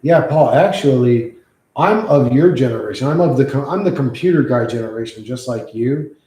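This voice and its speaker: A man's voice: mid-range voice, expressive, normal speed, warm tone. A man chatting on a casual livestream, rambling and swearing freely as he reacts to chat. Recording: echoey room.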